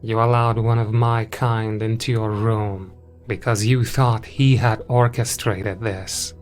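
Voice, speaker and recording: A man voicing a cruel, contemptuous winged male creature in a horror story, taunting in a slow drawl. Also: on the low side, little pitch movement. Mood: menacing. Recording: music in the background.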